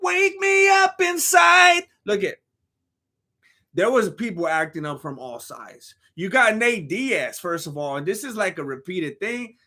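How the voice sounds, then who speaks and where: A man's voice: on the high side, very animated, a little slow, a bit bright. A man streaming live, chatting casually about fights in a rambling, slangy, joking way while reading messages from chat.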